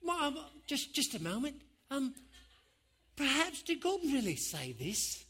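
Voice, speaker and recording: A man voicing a smooth, overly courteous male serpent who coaxes gently. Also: very high-pitched, huge pitch swings, a little slow, voice pushed up, heavily acted. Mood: coaxing. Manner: courteous, hesitant, coaxing.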